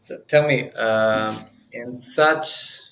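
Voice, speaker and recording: A man hosting a podcast, asking questions in a measured, slightly hesitant way. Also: medium pitch, fairly bright tone. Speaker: podcast host. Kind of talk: interview questions. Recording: roomy echo.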